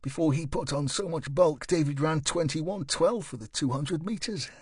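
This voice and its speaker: A man voicing an anxious, polite upper-class woman who keeps up a strained smile, in a higher, prim voice. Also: moderate pace, slightly rough, dry recording, studio quality. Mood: flustered.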